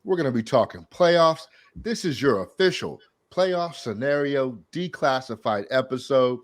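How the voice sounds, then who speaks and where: A man's voice: mid-range voice, measured pace. A man hosting a sports podcast, opening with showman hype and then chatting casually. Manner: hype showman intro, animated. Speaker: podcast host.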